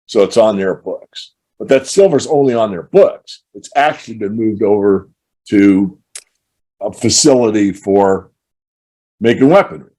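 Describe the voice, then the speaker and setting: A man hosting a casual podcast conversation, explaining his points in long, measured run-on thoughts. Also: lowish voice, mellow. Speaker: show host.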